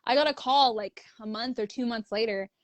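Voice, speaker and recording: A young adult woman, a guest in a casual interview, tells stories in a chatty way, filling her speech with "like" and acting out quoted dialogue. Her voice is fairly high and fairly quick, with no echo.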